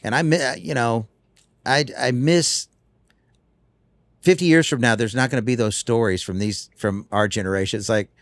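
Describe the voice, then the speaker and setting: A man, a guest telling lively stories in casual chat on a tour bus. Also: mid-range voice, moderate pace, no room sound, clean studio sound. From North Carolina. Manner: animated storyteller.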